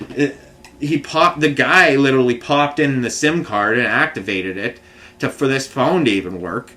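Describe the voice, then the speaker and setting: A man's voice: mid-range voice, fairly bright tone. Agitated rambling man ranting. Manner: rambling, agitated, swears often. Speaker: vlogger. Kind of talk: frustrated rant to camera.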